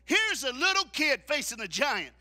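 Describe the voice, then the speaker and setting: A man preaching a sermon at a men's conference, shouting call-and-response lines and dropping into low, quick asides. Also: very animated. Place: church hall at a men's conference.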